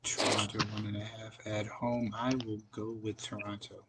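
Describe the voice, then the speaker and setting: A man on a sports podcast panel, speaking deadpan and cracking dry jokes. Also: on the low side, normal speed, a little hiss or hum, low-quality recording. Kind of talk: casual chat.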